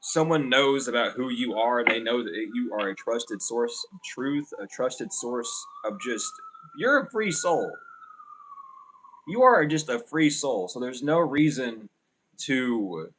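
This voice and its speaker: A man's voice: medium pitch, animated, takes it slowly, fairly bright tone, a little hiss or hum. A young man giving a casual tarot reading, rambling and blunt with plenty of swearing. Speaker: tarot reader.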